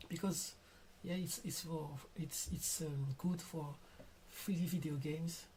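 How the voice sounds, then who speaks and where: French-accented man, gentle unhurried streamer who stumbles on words now and then, faint hum behind. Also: a little high. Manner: soft, calm and careful, stutters at times. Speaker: digital artist live-streaming. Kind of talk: casual live-stream chat while drawing.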